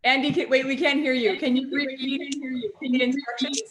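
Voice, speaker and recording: A woman's voice: high voice, flat delivery, normal speed, a bit bright, rough recording. A woman on a video call cutting in to ask the presenter to repeat himself. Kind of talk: casual interruption on a video call.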